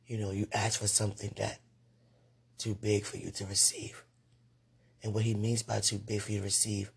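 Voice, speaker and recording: A woman chatting casually to her online viewers about faith, sleepy and yawning, who keeps slipping into breathy whispered asides. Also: a bass voice. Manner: sleepy, yawning, animated bursts. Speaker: online talk host.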